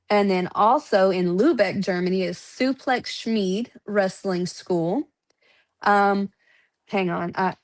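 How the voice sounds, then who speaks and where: Woman in her 30s to 40s, wrestling promoter guest, chatty and loose, lots of "um"s, laughs easily, mid-pitched. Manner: chatty, laughs often, lists promotions with many fillers. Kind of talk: casual podcast chat.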